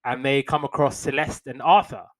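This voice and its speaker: On a podcast about old cartoons, a young man with a middle-pitched, fairly bright voice recaps an episode in a loose, chatty way. He tosses in wry, slangy asides and briefly puts on quick voices for the characters he quotes, though the audio quality is poor.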